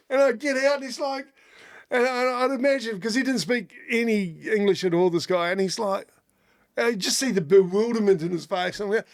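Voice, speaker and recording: This is a middle-aged Australian man telling his stories casually in an interview. He has a gravelly voice that sits slightly high, and he laughs often as he acts out the voices of other people. The sound is dry and close. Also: fairly quick, no room sound. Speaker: guest.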